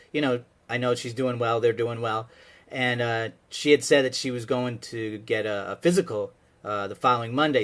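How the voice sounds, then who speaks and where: A man's voice: mid-range voice, a bit bright. A man telling rambling, exasperated stories to a therapist over a video call, his voice climbing to pleading. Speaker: patient in comedy sketch. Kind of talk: comedic monologue to a therapist.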